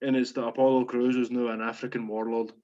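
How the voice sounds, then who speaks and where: A man's voice: medium pitch, flat delivery, fast talker, dark tone. A man co-hosting a podcast, swearing and joking in casual banter. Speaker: podcast co-host. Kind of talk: casual chat. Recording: dull lo-fi sound.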